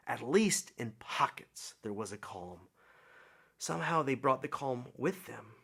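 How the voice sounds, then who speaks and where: A middle-aged man preaching a sermon, telling a personal story with swelling emphasis and soft, hushed drops. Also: medium pitch. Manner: reflective storytelling, swells then drops to near whispers. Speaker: pastor.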